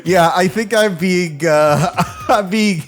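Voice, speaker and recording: A man's voice: high-pitched, slow, faint music behind. A man hosting a casual podcast panel, joking around and poking fun at himself. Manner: jokey, self-deprecating, lively. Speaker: podcast host.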